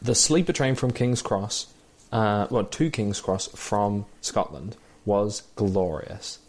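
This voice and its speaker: A man's voice: on the low side, slow pace. A man chatting enthusiastically about a film, recounting the small details he loved. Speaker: film podcast co-host. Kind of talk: casual conversation.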